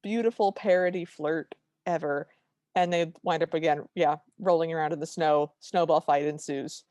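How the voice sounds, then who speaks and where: A woman's voice: low-pitched, fairly even intonation, normal speed, darkish tone, no echo, studio quality. A woman co-hosting a casual podcast, recapping a film in a chatty, enthusiastic way. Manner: chatty and enthusiastic, with lots of fillers and restarts. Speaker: podcast co-host.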